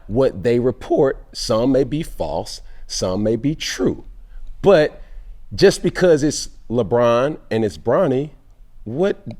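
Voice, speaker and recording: A man's voice: on the high side, warm tone. A man hosting a podcast, talking sports casually and emphatically, with slang and rhetorical questions. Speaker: podcast host.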